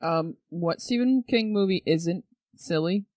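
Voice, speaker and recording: A woman's voice: lowish voice, measured pace, a little mellow, dry recording. A Canadian woman co-hosting a casual movie podcast, blunt and sarcastic. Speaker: podcast co-host. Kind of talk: casual chat.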